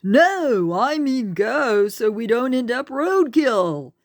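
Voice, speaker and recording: Smooth-talking guy turtle, woman doing the voice, coaxing and sassy, goes up high. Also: very animated, measured pace, a little mellow, no echo, studio quality, exaggerated voice. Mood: urgent. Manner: coaxing, calls her darling. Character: doting male turtle guide, reassuring and sassy.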